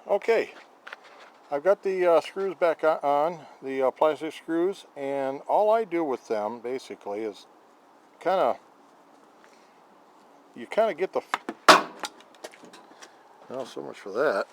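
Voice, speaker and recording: Slow, rambling man filming a how-to. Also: fairly high pitch, lively intonation, a little hiss or hum, rough recording. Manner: rambling, halting with many fillers. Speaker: vlogger showing a scooter horn install. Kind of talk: casual how-to vlog.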